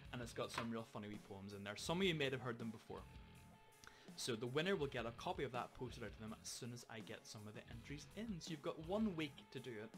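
Casting: young man, drum teacher, jokey and self-mocking, mid-pitched voice, faint guitar music behind. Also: fairly bright tone. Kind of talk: casual video lesson for children.

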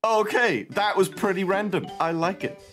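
A man's voice: high-pitched, moderate pace, fairly bright tone, faint music behind. A man reacting casually to game videos as a YouTuber, playful and laughing often as he reads on-screen dialogue aloud. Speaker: gaming YouTuber.

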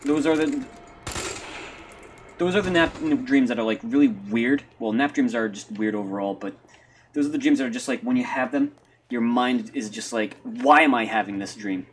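A man live streaming a game, rambling through a story in a casual chat with restarts and sudden loud, high exclamations. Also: normal speed, a little hiss or hum. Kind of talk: casual chat while gaming.

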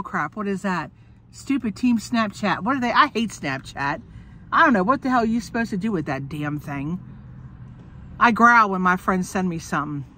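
The woman's mid-range voice has a sharp edge, with slight background noise present. While sick and coughing, she talks casually to her phone camera inside a car, joking, swearing, and laughing frequently.

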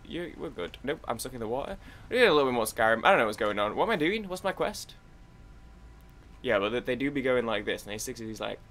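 A young gaming channel host rambles and chats to himself while playing a video game and commenting on it. His voice is mid-range and a bit bright.

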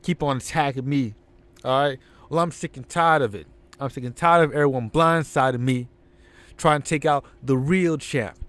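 A man voicing a fed-up male pro wrestler who talks brash, loud and slangy. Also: medium pitch, moderate pace, no room sound, lightly acted.

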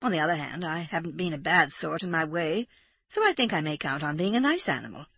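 A woman's voice: low voice, big pitch swings, brisk, fairly bright tone, breathy edge, dry recording, heavily acted. A woman voicing a mischievous, dispassionate English woman who speaks with dry, unrepentant amusement. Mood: wry.

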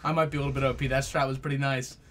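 A young man giving live gameplay commentary, profane and trash-talking, swinging between loud outbursts and low mutters. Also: little pitch movement, rapid-fire. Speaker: gaming YouTuber.

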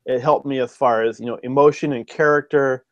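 A man with a mid-range voice and steady tone talks briskly as a podcast guest, a fiction writer spinning casual stories. He rambles, full of ums and restarts. There's no room sound, and the audio is dull.

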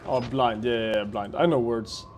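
A man's voice: medium pitch, fairly even intonation, moderate pace, a little hiss or hum. A man playing a horror game for a let's play, talking to himself in a jumpy, nervous way, swearing and laughing nervously.

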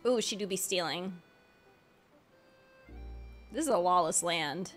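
A woman's voice: on the low side, slow pace, fairly bright tone, soft background music. A woman streamer giving playful, goofy commentary over a video game. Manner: joking, goofy asides.

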